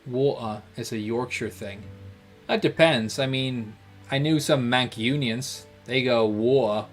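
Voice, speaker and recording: A man from Britain with a British accent, a streamer chatting casually with viewers while playing, rambling and joking with frequent pauses. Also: mid-range voice, faint music behind. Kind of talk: casual chat answering viewers while gaming.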